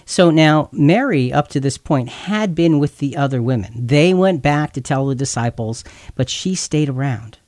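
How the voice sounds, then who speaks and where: A man's voice: fairly high pitch, lively intonation, normal speed, few pauses, a little mellow, dry recording. A man teaching a Bible passage in an earnest, explanatory way, sometimes stumbling and repeating words. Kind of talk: explanatory scripture talk.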